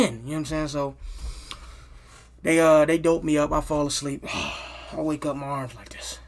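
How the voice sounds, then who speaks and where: A man recounting a personal story to his viewers in a loose, unscripted way. His voice sits a little high for a man. He swears freely, trips over restarts and keeps checking in with his listeners. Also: fairly even intonation, moderate pace. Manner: loose and profane, with many restarts and "you know what I'm saying" tags. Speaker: vlogger telling a personal story. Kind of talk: casual storytime monologue.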